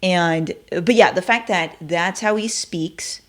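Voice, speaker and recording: A woman's voice: lowish voice, takes it slowly, a bit bright. A woman from Texas hosting a show, talking in a chatty, self-deprecating way full of fillers. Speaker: show host. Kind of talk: casual commentary.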